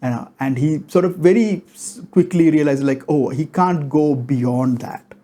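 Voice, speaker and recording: A man's voice: on the high side, unhurried, dark tone. A man giving a casual movie review, rambling and filling his talk with "like" and "you know".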